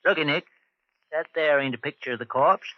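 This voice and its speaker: A man's voice: on the high side, brisk, dry recording, lightly acted. An actor playing a folksy, homespun rural male sheriff in 1940s radio acting, on a dry lo-fi old broadcast. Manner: folksy, drawling, homespun sayings.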